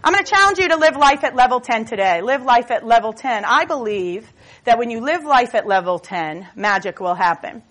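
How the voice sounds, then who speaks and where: On stage, a Boston motivational speaker with a slightly high voice talks nonstop at a brisk clip. Her delivery is lively storytelling, sprinkled with jokey, self-mocking asides.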